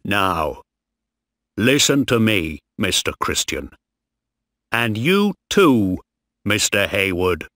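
A man's voice: fairly low pitch, big pitch swings, takes it slowly, long pauses, sharp tone, no echo, studio quality, exaggerated voice. A man voicing a strict, commanding ship captain who gives curt orders. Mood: stern.

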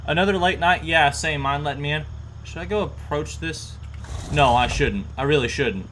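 A man's voice: on the high side, moderate pace, a bit bright, slight background noise. A young man, almost twenty, talking casually while playing a game, repeating license plates aloud and reacting nervously. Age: young adult. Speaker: gaming YouTuber. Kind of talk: live game commentary.

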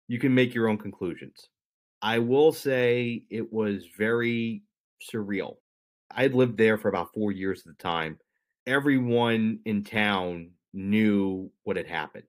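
On a podcast, a young male co-host with a lowish voice walks through a story in casual, explanatory chat. He wanders a bit, corrects himself as he goes, and drops in dry humor.

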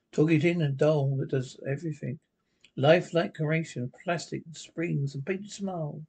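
A man's voice: a little high, fairly even intonation, normal speed, gravelly, a little mellow, husky. A man reading the narration of a radio drama script in a solemn tone. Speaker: script reader.

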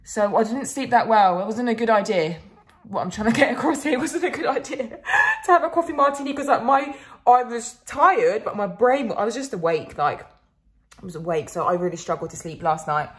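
A woman's voice: fairly high pitch, expressive, normal speed, fairly bright tone. Chatty Finnish-accented young woman vlogger. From Finland. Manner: chatty, swearing, laughs often, restarts words. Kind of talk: casual vlog chat.

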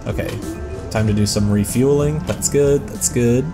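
A man's voice: medium pitch, normal speed, over music. A man giving casual, rambling gameplay commentary as a let's play host, self-deprecating and chatting to the characters on screen.

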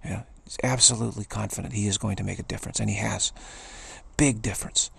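A man's voice: lowish voice, fairly even intonation, fast, creaky, fairly bright tone, slightly rough. A man giving an earnest spiritual talk, repeating key phrases and restarting sentences as he goes. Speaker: spiritual speaker.

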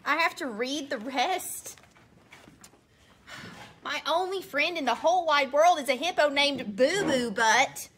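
A woman's voice: high-pitched, lively intonation, a little slow, fairly bright tone, slight background noise. A woman reading a children's book aloud, playfully acting exasperated and making silly sounds. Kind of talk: picture-book read-aloud.

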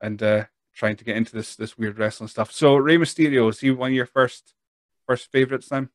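A man's voice: mid-range voice, steady tone, brisk, no room sound, clean studio sound. Chatty Scottish man hosting a podcast. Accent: Scottish, Speyside. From northeast Scotland. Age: 30s. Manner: rambling, self-deprecating, frequent restarts. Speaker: podcast host. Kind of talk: casual interview chat.

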